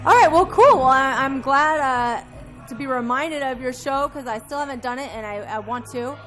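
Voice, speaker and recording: A woman hosts a casual chat in a dive bar and asks relaxed questions in a high voice. Music plays clearly under the conversation. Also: normal speed. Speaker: host.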